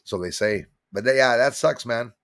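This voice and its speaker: A man's voice: mid-range voice, moderate pace, a bit bright, no echo, studio quality. A middle-aged man from Canada hosting a casual livestream, rambling and reading viewer comments aloud. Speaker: livestream host.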